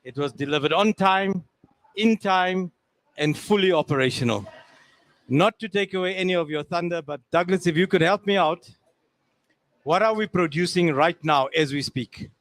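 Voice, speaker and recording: Man giving a halting welcome speech. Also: high-pitched, fairly bright tone, no echo. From South Africa. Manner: halting, with frequent restarts and fillers. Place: outdoors at a mall event.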